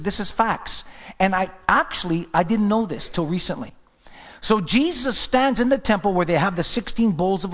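A man preaching a sermon as pastor, fervent and emphatic. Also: sits high. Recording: long hall reverb.

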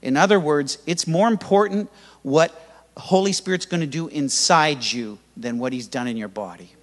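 An older man preaching a sermon as pastor, lively and humorous, with sudden loud rises. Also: on the high side, normal speed. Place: church hall. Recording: church hall reverb.

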